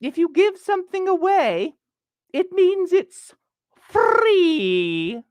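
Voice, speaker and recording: A woman's voice: very high voice, very animated, takes it slowly, a little mellow, no room sound, voice pushed up, full character voice. A woman putting on a haughty, ancient queenly figure who scolds a scammer in a pompous, patronising way. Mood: scolding. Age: 179 as a joke figure; old. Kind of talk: comic in-character rant.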